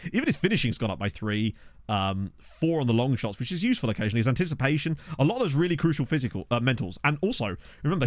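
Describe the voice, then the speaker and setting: A man talks through a football management game on his stream, musing aloud in a loose, chatty way. His pitch swings up and down a lot as he reacts. The sound is close and dry, with no room around it. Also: no room sound. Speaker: gaming streamer. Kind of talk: casual let's-play commentary. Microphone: desk microphone.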